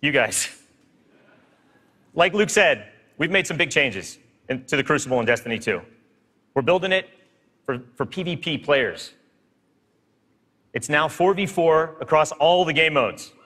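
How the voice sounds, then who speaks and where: A man's voice: on the high side, animated, a little slow, long pauses, bright, forceful tone. A man presenting on stage at a keynote, upbeat and hyping up a live audience. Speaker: game studio presenter. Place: stage in a large hall. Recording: long hall reverb from live stage.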